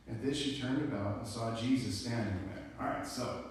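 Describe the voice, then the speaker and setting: A man's voice: fairly low pitch, normal speed, few pauses. A man preaching a sermon as pastor, telling the story in a conversational way with casual asides. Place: church sanctuary. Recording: echoey church hall from far off.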